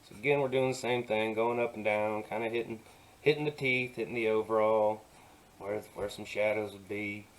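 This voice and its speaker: Low-voiced man in a soft folksy drawl. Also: fairly even intonation. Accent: put-on folksy drawl while working. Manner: soft-spoken, slow and easygoing, talks himself through steps, folksy. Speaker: digital painting instructor. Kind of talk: relaxed screen-recorded painting tutorial.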